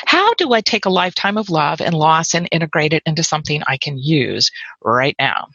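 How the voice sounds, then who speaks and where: Low gravelly woman telling a reflective story. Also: a bit bright, no room sound, muffled recording. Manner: reflective, wry, lyrical lists. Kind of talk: personal storytelling talk.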